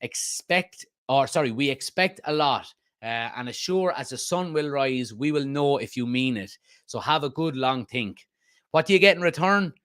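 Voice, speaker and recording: A man reading out a gruff older football captain's challenge in a put-on Dublin accent, slow and solemn. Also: mid-range voice, lively intonation, fairly bright tone, dry recording, clean studio sound, close to an everyday voice. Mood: challenging. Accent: Dublin Irish.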